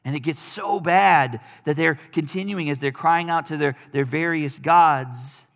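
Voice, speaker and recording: A man's voice: on the high side, a little slow, gravelly, fairly bright tone, big-room sound. A man preaching a sermon in a conversational way, lifting his voice when he acts out pleading quotes.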